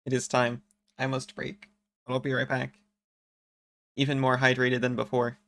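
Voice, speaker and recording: A man's voice: mid-range voice, completely flat delivery, normal speed, fairly bright tone. A man casually commenting on a video game as a streamer, joking and chatting with viewers.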